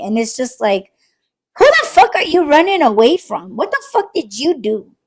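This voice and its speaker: A woman's voice: high-pitched, normal speed. A woman hosting a podcast in casual late-night chat, swearing freely and acting out the other side of conversations. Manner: profane, animated, acts out quoted exchanges. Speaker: podcast host.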